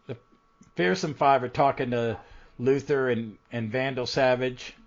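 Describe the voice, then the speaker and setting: Male podcast host, casual rambling recap, mid pitch, muffled lo-fi audio. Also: fairly even intonation, a little slow. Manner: rambling recap with frequent ums and restarts. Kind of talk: casual comic book podcast chat. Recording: dull lo-fi audio.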